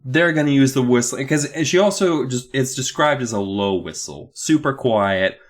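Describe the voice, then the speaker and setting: A man's voice: mid-range voice, lively intonation, moderate pace. Playful man reading with hammy drama. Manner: reads passages aloud with hammy dramatic flair; joking, playful storytelling. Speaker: podcast co-host. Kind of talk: casual comedic book recap.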